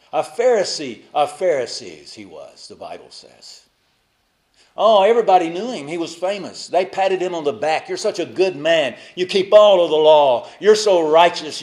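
Male pastor, sermon, mid-pitched voice, swings from loud emphasis to quiet asides, rhetorical questions to listeners. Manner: preaches with dramatic swings between loud emphasis and soft asides; asks the congregation rhetorical questions.

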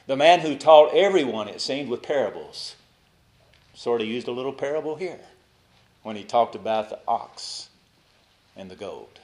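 A male pastor preaching a sermon, moving between loud emphatic lines and soft asides, and putting rhetorical questions to the congregation. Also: mid-range voice, expressive, moderate pace, pauses often.

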